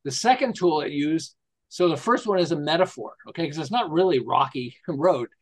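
Lively intonation marks this voice, which sits on the high side and moves at normal speed. It belongs to a U.S. marketing specialist in his sixties who, as an interview guest, spins stories with laughter and rhetorical questions in enthusiastic, casual conversation.

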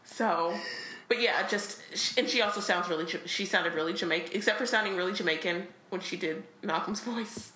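A woman's voice: lowish voice, brisk, pushed and bright, roomy sound. A woman co-hosting a podcast, chatting casually about a book, with frequent laughs and fillers. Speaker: podcast co-host.

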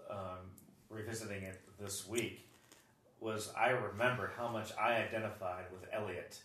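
A man's voice: lowish voice, steady tone, moderate pace, fairly bright tone, roomy sound, recorded from a distance. A man co-hosting a podcast, casually and earnestly reflecting on childhood. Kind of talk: casual chat.

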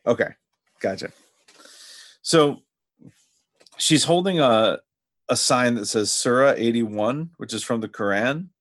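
A man hosting a casual podcast, retelling a show's plot step by step with halting restarts. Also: mid-range voice, animated, a bit bright. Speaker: podcast host. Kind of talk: casual episode recap chat.

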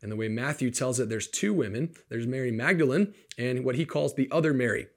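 A man's voice: medium pitch, a little fast. Earnest conversational male preacher. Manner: conversational, earnest, asks rhetorical questions. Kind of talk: sermon.

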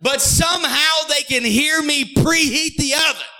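A man preaching a sermon in his thirties, acting out prayers and family scenes, swinging between shouting and low drawn-out words. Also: gravelly. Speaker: pastor.

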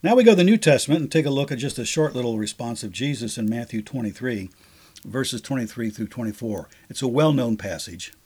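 A man co-hosting a casual Bible discussion, explaining passages conversationally with fillers and lively acted-out sarcastic lines. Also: mid-range voice, a little fast, husky. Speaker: Bible study co-host.

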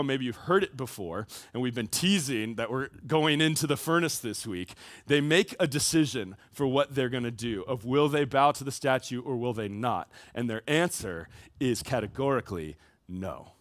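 Animated casual youth pastor, a man. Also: mid-range voice, dry recording, studio quality. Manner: casual, conversational, many "like" and "right?" asides. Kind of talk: sermon to high schoolers.

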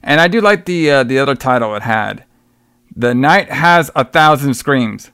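A man co-hosting a podcast, rambling through a movie plot with casual swearing. His voice is smooth and clear, recorded dry and close to the mic. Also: mid-range voice, normal speed, dry recording. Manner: rambling, profane, energetic retelling. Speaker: podcast co-host. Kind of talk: casual chat, recapping a movie.

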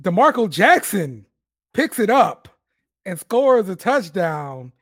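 A man recapping game plays on a casual sports podcast, in an unhurried, easygoing way. He talks very slowly, at a middle pitch. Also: big pitch swings. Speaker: podcast co-host.

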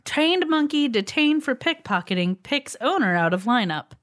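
High, lively woman hosting a game. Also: normal speed. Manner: playful, giggly while reading headlines. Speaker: game host. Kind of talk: casual podcast banter.

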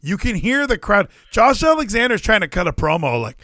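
A man talks wrestling in a loose, ranting way. His voice swoops high and low with a lot of life, and he swears freely. The sound is close and dry, with no room around it. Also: normal speed, hardly any pauses, no room sound. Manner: animated ranting, swears freely, acts out crowd shouts. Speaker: podcast co-host. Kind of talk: casual wrestling chat.

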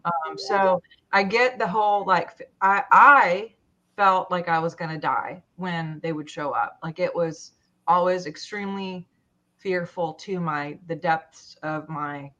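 A woman telling a personal story in a conversation, halting and full of fillers and restarts. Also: sits low, pushed and bright. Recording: dull lo-fi sound.

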